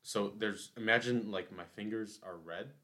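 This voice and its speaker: A young man in casual chat, relaxed as he listens, then lively when he retells a video he saw. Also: fairly low pitch, moderate pace.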